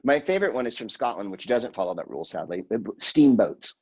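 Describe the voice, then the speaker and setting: A man's voice: on the low side, sing-song, quick pace, slightly rough, poor audio. A man in his sixties, a guest comedian, telling rambling, profane stories in casual podcast chat and slipping into quoted voices. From California, USA.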